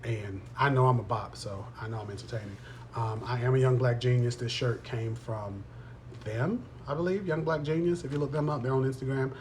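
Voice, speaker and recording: A man's voice: mid-range voice, steady tone, a little fast, a little mellow, a little hiss or hum. A man in his thirties hosting a live stream, chatting casually with viewers in a playful, teasing way. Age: 30s.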